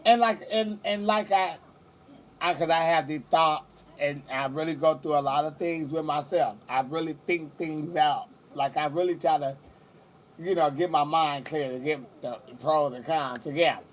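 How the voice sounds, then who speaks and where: A man's voice: fairly high pitch, fairly even intonation, moderate pace. A man in his forties from California, chatting casually and profanely to camera in a vlog outdoors at the beach. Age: 40s. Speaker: vlogger. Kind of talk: casual chat.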